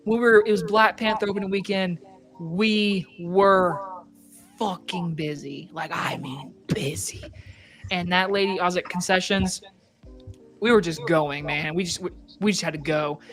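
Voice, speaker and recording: Profane, animated young storyteller. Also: medium pitch, moderate pace, faint music behind. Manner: profane, animated, acts out quoted customers. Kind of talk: casual chat, storytelling.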